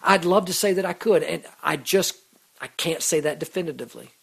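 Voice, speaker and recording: A man's voice: fairly high pitch, a little fast, vocal fry, fairly bright tone, breathy edge. A man hosting a Christian radio show, talking about faith in an earnest, casual way, with lots of "you know" and restarts. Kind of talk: casual devotional talk.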